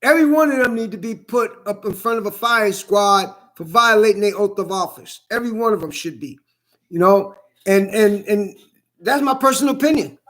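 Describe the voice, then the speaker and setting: Very high, bright-voiced ranting man. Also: a little fast. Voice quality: blunt and profane, repeats his points. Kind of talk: ranting monologue.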